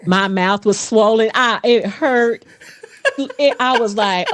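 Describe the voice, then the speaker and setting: A woman guest who is a vocal coach and voice actor, telling stories in a lively casual way, often laughing and dropping into voices. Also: on the high side, slow. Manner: animated, laughs often, slips into character voices. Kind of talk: casual podcast storytelling.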